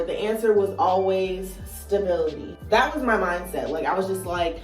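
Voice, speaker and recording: A woman's voice: medium pitch, moderate pace, recorded from a distance. A woman in her twenties with a groggy morning voice, telling a casual story time vlog, chatty and playful with lots of "like" and "you know". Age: 20s. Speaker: vlogger. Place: at home while doing her morning routine. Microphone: phone on a moving gadget. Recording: echoey room, phone set back, soft music behind.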